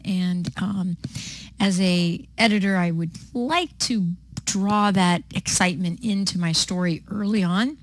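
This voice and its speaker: A woman teaching video editing in a patient, step-by-step way, with frequent pauses and ums. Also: medium pitch, no room sound. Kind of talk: screen-recorded software tutorial.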